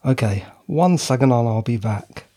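A middle-aged man hosts his own podcast in a medium-pitched, animated, warm voice at a moderate pace. Out of breath and tired, he rambles through casual solo chat with self-deprecating asides into a handheld dynamic mic.

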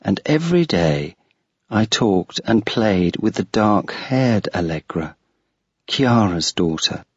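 A man narrates a story in a slow, deliberate reading pace, his lowish voice husky and full of melodic rises and falls. The sound is dry and a little muffled, like a lo-fi recording. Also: big pitch swings, no room sound. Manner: slow, clear graded-reader delivery. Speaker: audiobook reader. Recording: dull, lo-fi sound.

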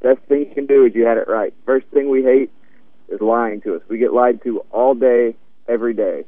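A man's voice: medium pitch, fairly even intonation, brisk, no echo. A man calling in to a radio show, speaking plainly and casually about his police work. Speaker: caller, police officer. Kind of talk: phone-in call. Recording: tinny phone line.

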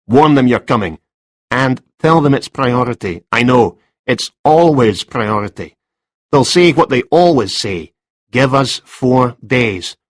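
A man's voice: mid-range voice, expressive, a little slow, no room sound. A man reading a story, voicing a weary male police colleague with a dry, wry delivery.

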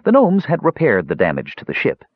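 A man reading a fantasy audiobook aloud in an expressive narration. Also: medium pitch, brisk, husky, dry recording. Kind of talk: scripted narration. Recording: dull lo-fi dry recording.

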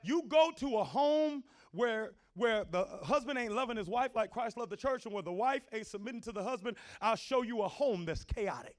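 A middle-aged man pastor preaching a sermon in folksy everyday phrasing, swinging from low talk up to loud shouted lines. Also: animated, moderate pace, hardly any pauses.

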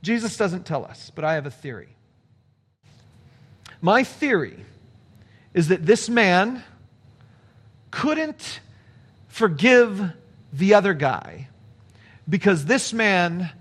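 A man preaching a sermon as pastor, conversational and animated, asking the congregation rhetorical questions. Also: high-pitched, slow pace, pauses often.

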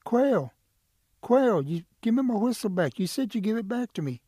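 A man's voice: a little high, animated, moderate pace, warm tone, breathy edge, no echo, studio quality. A man voicing an old male turtle in a told story, cautious and protective of what is his. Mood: demanding. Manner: hesitant, protective.

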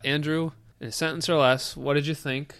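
A man's voice: a little high, level tone, brisk, over loud music. A man co-hosting a casual podcast who reads out summaries in a plain way and then chats. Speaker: podcast co-host.

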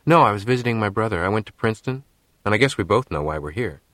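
A man's voice: on the low side, expressive, quick pace, a bit bright, dry recording. A man doing a confident young rival.

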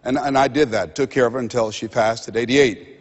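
A man's voice: mid-range voice, fairly even intonation, a little fast. A man giving a motivational seminar speech to a live audience, dramatic and preacher-like, acting out the voices in his stories. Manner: dramatic, acts out quoted voices, preacher-like build-ups. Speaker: motivational speaker. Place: stage in a large hall with a live audience. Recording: lo-fi recording in a large reverberant hall.

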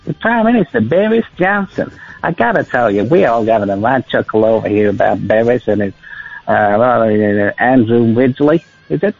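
A man's voice: medium pitch, moderate pace, vocal fry, no echo, faint music behind. A man voicing a brash, muddled news correspondent, drawling and rambling. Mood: blustering. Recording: dull lo-fi radio line.

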